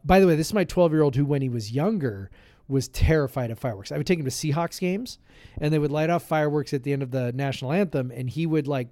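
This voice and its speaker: A man's voice: medium pitch, dark tone, no echo, clean studio sound. A man co-hosting a podcast in casual chat, telling a rambling story full of fillers and restarts. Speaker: podcast co-host. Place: podcast room, shared with co-host.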